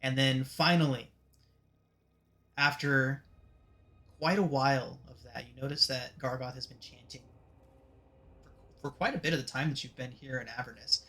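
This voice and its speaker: Game master, male, bright clear tone, steady descriptive narration. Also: mid-range voice. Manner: descriptive, measured.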